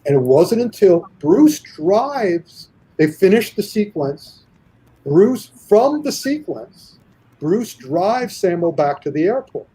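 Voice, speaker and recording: Husky, animated male storyteller. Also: sits high, slow pace, poor audio. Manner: animated storyteller, acts out quoted voices. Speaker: guest storyteller. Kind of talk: casual podcast anecdote.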